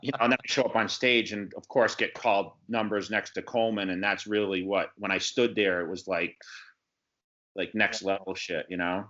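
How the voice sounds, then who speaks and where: A male bodybuilder hosting, telling stories in a relaxed, rambling way with lots of fillers. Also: lowish voice, moderate pace, lo-fi sound. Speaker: bodybuilder, host of the channel. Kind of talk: casual reminiscing chat.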